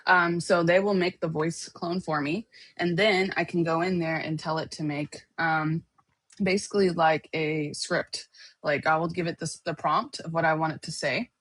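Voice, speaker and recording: Husky-voiced woman teaching casually. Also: low voice, steady tone, normal speed, a bit bright, no echo. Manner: chatty, checks in with "okay?" and "right?". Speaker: online course teacher. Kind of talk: casual screen-share tutorial.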